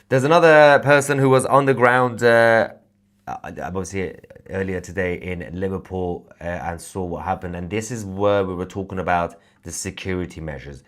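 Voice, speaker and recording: A man with a very low voice hosts an online live news stream. He comments with mounting indignation, firing rhetorical questions between fillers. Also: expressive, moderate pace, fairly bright tone.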